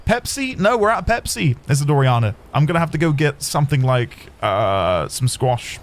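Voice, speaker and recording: A man's voice: a little high, big pitch swings, normal speed. A man streaming a video game, chatting casually and rambling to his viewers. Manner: chatty, rambling, talks to chat.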